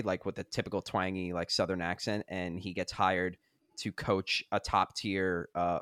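A young man with a very deep voice co-hosts a casual podcast, rambling eagerly through his thoughts with plenty of fillers. The sound is dry and close. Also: a bit bright, no echo. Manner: rambling, enthusiastic, many fillers. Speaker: podcast co-host.

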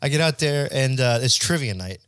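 A young man rambles through crude, jokey stories as a podcast host. His voice sits in an ordinary middle pitch. The sound is dry and close, with no room around it. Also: expressive, brisk, a bit bright, clean tone, no echo. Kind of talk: casual chat.

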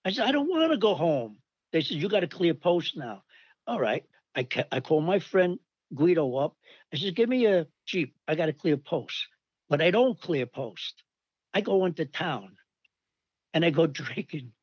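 An older man rambles through old army stories and animatedly acts out the people he quotes. His voice sits a touch high. The recording is dull and dry. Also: sing-song, normal speed, husky, no room sound. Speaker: storyteller recalling army days. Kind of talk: casual anecdote.

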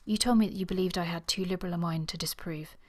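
A woman's voice: fairly low pitch, fairly even intonation, rapid-fire, natural voice. A woman reading a proud young governess from a novel, earnest and flustered, at times close to a whisper. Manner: earnest, sometimes dropping to a whisper.

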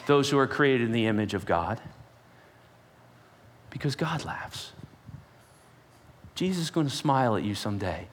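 A man preaching a sermon, telling the story with animated energy and acting out the characters with sudden jumps in pitch. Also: moderate pace, long pauses, in a large hall, slight background noise. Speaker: pastor.

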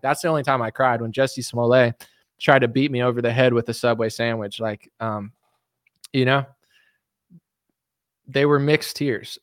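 A man's voice: medium pitch, no echo, studio quality. Sarcastic young man reading chat. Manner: sarcastic, mocking, jumps into impressions. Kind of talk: casual livestream commentary.

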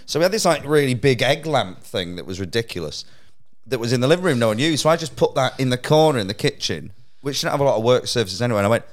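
A man's voice: mid-range voice, lively intonation, very fast. A man, a stand-up comedian telling a sweary anecdote in casual chat and laughing through the punchlines. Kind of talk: casual podcast chat, storytelling.

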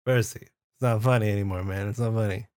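A man's voice: lowish voice, steady tone, quick pace, a little mellow, dry recording. A man playing a tabletop role-playing game, laid-back, laughing often. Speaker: player.

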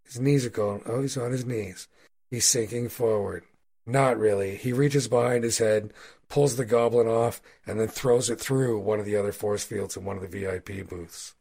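A man narrating a tabletop role-playing game as game master, telling a fight scene in a loose, animated, swearing way. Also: lowish voice, normal speed, creaky. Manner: animated, swearing, casual storytelling.

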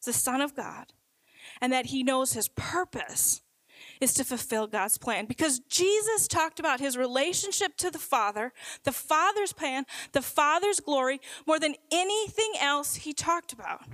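Slow, high-voiced woman preaching. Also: animated, a bit bright, dry recording, poor audio. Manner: earnest, emphatic, slows for stress. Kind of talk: sermon.

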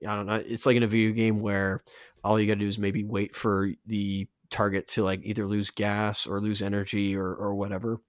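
A man's voice: lowish voice, completely flat delivery, fairly quick, no room sound, clean studio sound. A man co-hosting a podcast, casually breaking down a cartoon scene by scene in a rambling way, with many restarts and fillers. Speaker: podcast co-host.

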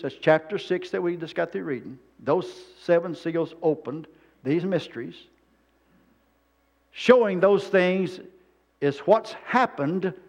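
A man preaching a sermon, telling rambling stories in a folksy, plain-spoken way. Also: high-pitched. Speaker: pastor. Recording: dull lo-fi sermon recording.

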